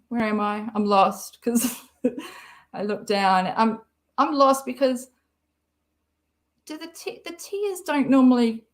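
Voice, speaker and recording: Aussie woman on a live stream, slow and a bit high pitched, sarcastic and rambly. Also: fairly bright tone. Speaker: live-stream commentary host. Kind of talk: casual live-stream commentary.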